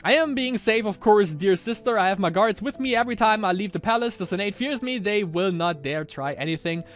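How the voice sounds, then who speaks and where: A man's voice: high-pitched, lively intonation, brisk, faint music behind, pitched above the performer's own voice. A man voicing a haughty young Roman emperor with grandiose, theatrical delivery, reading game lines aloud. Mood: smug.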